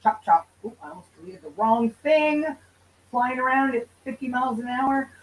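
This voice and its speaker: A woman's voice: fairly high pitch, normal speed, far from the mic, poor audio. A woman hosting a livestream in casual chat, answering viewers' comments in a loose, profane, bantering way. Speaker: livestream host.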